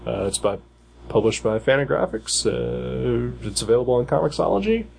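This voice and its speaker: Gravelly-voiced man rambling on a podcast. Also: medium pitch, big pitch swings, normal speed, darkish tone, slight background noise. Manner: rambling, hesitant, many fillers. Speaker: podcast co-host. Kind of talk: casual chat.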